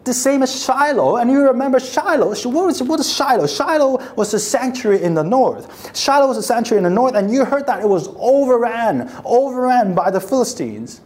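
A woman's voice: fairly high pitch, very animated, fairly quick, hardly any pauses, darkish tone. A woman preaching a sermon, telling the scene as a story and acting out how the crowd reacts, often repeating and restarting words as she builds. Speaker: pastor.

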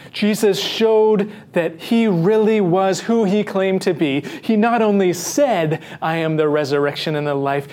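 A man reading Scripture aloud and preaching on it, slow and measured with dramatic pauses. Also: high voice, darkish tone. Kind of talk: Bible reading and sermon.

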